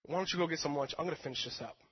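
A preacher quoting a patient kindly boss. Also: male voice, on the high side, very fast, husky, pitched below the performer's own voice. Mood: gentle. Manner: calm, gentle, reassuring. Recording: dull sound with long hall reverb.

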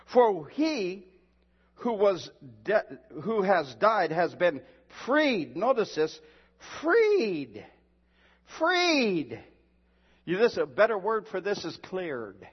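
A pastor preaching a sermon and reading scripture, emphatic and building to shouts, with slow, drawn-out reading of the verses. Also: male voice, high voice, husky. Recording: dull lo-fi sound in a reverberant hall.

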